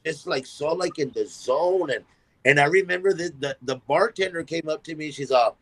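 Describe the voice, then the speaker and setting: Animated storytelling man, slightly high voice. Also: moderate pace, poor audio. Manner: animated, acts out quoted voices in his stories. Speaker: musician guest. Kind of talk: storytelling in a podcast interview.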